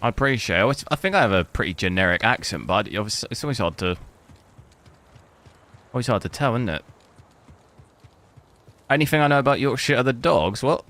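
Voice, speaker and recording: A man's voice: mid-range voice, animated, moderate pace, long pauses, a bit bright. A young man from the south coast of England with a southern English accent, chatting casually with his stream chat while playing a game. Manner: chatty, answers chat with jokey asides. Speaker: gaming streamer. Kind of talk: casual live gameplay commentary.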